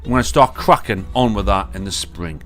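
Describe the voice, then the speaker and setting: A man's voice: fairly low pitch, fairly quick, faint music behind. A man with a Northern English accent, hosting a casual live chat with friends and chatting loosely with plenty of swearing. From Northern England. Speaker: podcast host.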